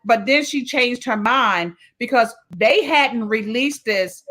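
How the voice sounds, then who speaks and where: A woman's voice: fairly high pitch, animated, slow pace, fairly bright tone. A woman co-hosting a casual talk show, speaking emphatically and repeating words for stress. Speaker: co-host. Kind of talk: casual podcast chat.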